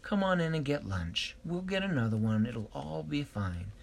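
A man voicing a gentle mother, soft and soothing, in a told story. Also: on the high side, big pitch swings, normal speed, vocal fry, a little hiss or hum.

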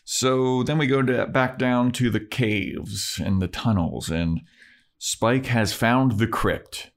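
A man co-hosting a podcast, telling the story in an animated, casual recap chat. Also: medium pitch, takes it slowly. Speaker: podcast co-host.

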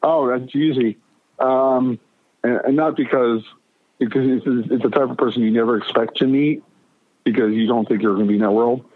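A man's voice: mid-range voice, moderate pace, no echo. A middle-aged man rambles through a long story, stumbling over restarts and acting out what people said. His voice comes down a thin, tinny phone line into a dry, close sound. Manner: rambling, stammering restarts, animated retelling of quotes. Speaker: guest. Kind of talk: casual storytelling.

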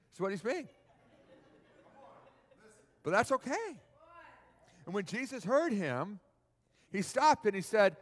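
A man preaching a sermon in a church hall, animated and asking the audience questions. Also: sits high, slow, long pauses. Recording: long reverb of a large hall.

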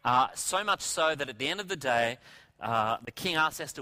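A middle-aged man preaching, retelling a Bible story in a lively way and acting out the characters' lines. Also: mid-range voice, normal speed. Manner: animated, acts out characters' lines. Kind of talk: animated Bible storytelling sermon.

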